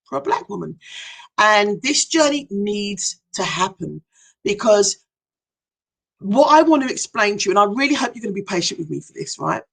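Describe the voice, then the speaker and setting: A woman's voice: medium pitch, sing-song, normal speed, creaky, a bit bright, slightly rough. A middle-aged woman, a hypnotherapist and life coach, speaking earnestly and emphatically to viewers on a live stream, often asking them direct questions. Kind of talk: heartfelt motivational live talk.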